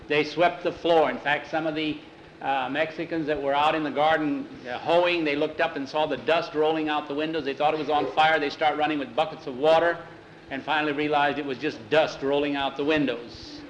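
A man telling a story aloud in plain, unhurried narration, with a roomy echo. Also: a little high, fairly even intonation, lo-fi sound, slight background noise. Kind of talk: oral storytelling. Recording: roomy echo, faint ambience.

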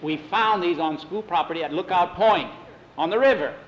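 A man's voice: sits high, normal speed, voice pushed up, natural voice. A man voicing a determined middle-aged school head in a told story, firm and insistent. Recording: roomy, dull sound with faint ambience.

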